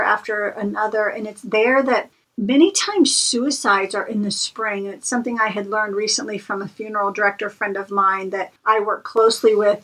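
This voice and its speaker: A woman's voice: mid-range voice, fairly bright tone, recorded from a distance, rough recording. Earnest woman co-hosting a devotional podcast. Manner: earnest, preacherly, repeats phrases for emphasis. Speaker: podcast co-host. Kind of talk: encouraging devotional talk.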